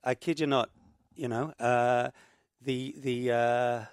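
A man's voice: mid-range voice, steady tone, clean tone, no echo. Man telling stories in a dry studio. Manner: laughing, storytelling, halting restarts. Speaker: guest, former footballer. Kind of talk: casual radio chat.

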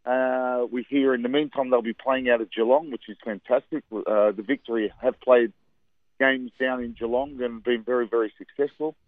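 A man's voice: medium pitch, steady tone, moderate pace, no echo. An Australian man talking football as a radio pundit over the phone, chatty and repeating words for emphasis. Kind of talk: phone-in radio sports chat. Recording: tinny phone line.

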